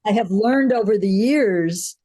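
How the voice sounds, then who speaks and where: A woman's voice: medium pitch, unhurried, mellow. An older woman, a film producer, answering interview questions with reflective stories and frequent restarts. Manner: reflective storytelling, frequent "you know" and restarts.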